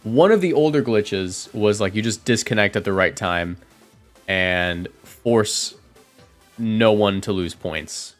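A man giving casual, chatty commentary on his own competitive matches from a home streaming setup, often correcting himself and reacting out loud. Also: fairly low pitch, slow, soft background music.

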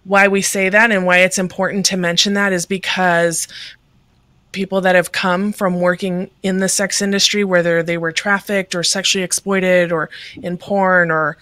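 Bright earnest woman on a call. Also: lowish voice, flat delivery, moderate pace, dry recording. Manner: earnest, conversational, many fillers. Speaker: guest, ministry leader. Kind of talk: casual video-call interview.

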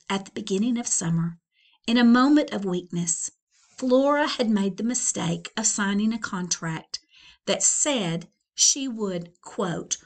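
A woman's voice: mid-range voice, expressive, unhurried. A middle-aged woman, a school librarian, reading a children's novel aloud with chatty asides to young listeners.

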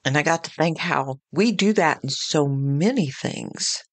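A woman's voice: low voice, lively intonation, a little slow, dry recording. A woman hosting a devotional podcast, talking in an earnest, conversational way and weaving in homely anecdotes. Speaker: podcast host.

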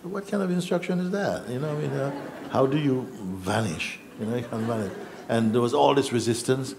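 A man telling a personal story in a reflective, halting way, acting out what others said. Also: mid-range voice, gravelly, noisy background. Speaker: spiritual teacher.

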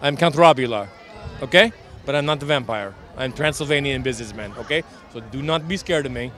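A man's voice: medium pitch, a little fast, fairly bright tone, natural voice. Guy putting on a transylvanian count character, broken english, goofy and reassuring, some crowd noise behind. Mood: playful. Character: male Transylvanian count posing as a businessman. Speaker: street interviewer. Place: outdoor Halloween parade.

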